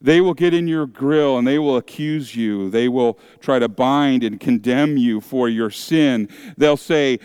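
A man's voice: mid-range voice, measured pace, hardly any pauses, a little mellow, clean tone, no room sound, studio quality. A male pastor preaching a sermon, acting out the voices of objectors and accusers with dramatic shifts.

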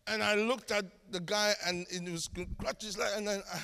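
A man preaching and telling a testimony story, animated, breaking into laughs and loud prayer. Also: sits high, normal speed, vocal fry, hardly any pauses, clean tone. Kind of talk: testimony sermon. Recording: long hall reverb.

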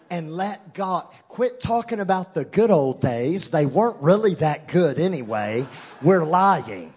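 High-pitched husky preacher swinging from hush to shout. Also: male voice. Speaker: guest preacher. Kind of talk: sermon. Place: church in front of a congregation.

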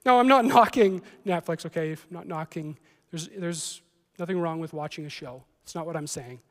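A man with a high voice preaches to his church, trading scripture reading for relaxed, joking asides. His voice carries a long reverb, as if recorded in a church hall. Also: moderate pace. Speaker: pastor. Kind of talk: sermon.

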